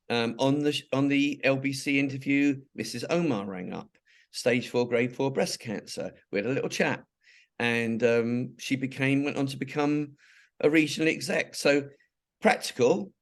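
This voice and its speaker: A middle-aged or older man from England, telling stories in a rambling interview style with many restarts and asides. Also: medium pitch. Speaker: interviewee, charity founder. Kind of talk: conversational interview storytelling.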